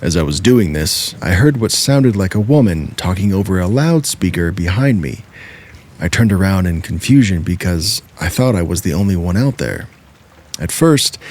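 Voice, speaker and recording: Reading true horror stories aloud, this narrator has a very low, deep voice. His delivery stays even and controlled, in the style of a scripted read.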